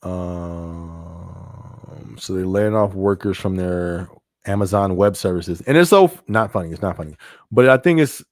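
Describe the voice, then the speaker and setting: A podcast host speaks in a low, unhurried voice, casually running a live-stream show. He talks loosely, repeats phrases, and keeps asking "you know what I mean." The recording is dry and studio quality.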